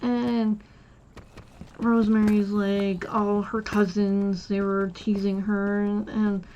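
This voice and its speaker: A woman's voice: mid-range voice, level tone, takes it slowly, dark tone, muffled recording, a little hiss or hum. A woman streamer telling a long childhood story in a casual, rambling way, with many restarts and quoted voices. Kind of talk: casual storytelling while gaming.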